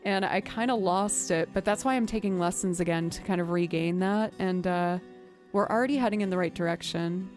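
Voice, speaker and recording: A woman's voice: fairly low pitch, a little fast, a little mellow. Chatty woman streamer, music faint behind. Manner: chatty, thanks viewers, frequent fillers. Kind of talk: casual live-stream chat.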